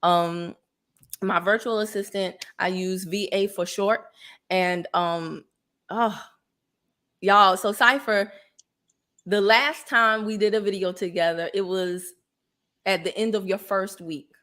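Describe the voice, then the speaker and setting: A woman hosts a casual livestream, chatting away, laughing often and giving viewers shout-outs as she greets them. Her voice sits in the mid range, and she takes her time with long pauses.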